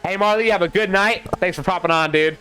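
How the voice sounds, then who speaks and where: A young man casting a sim racing league live, chatty and excitable, talking to his co-caster and to the chat. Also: high voice, fast talker, smooth. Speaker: race caster.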